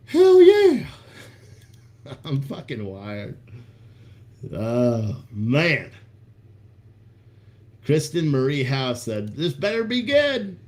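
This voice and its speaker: A man hosting a live stream, talking casually to his chat at a middle pitch. His talk is loose and hyped-up, with plenty of swearing. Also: a little mellow. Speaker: livestream host selling coffee.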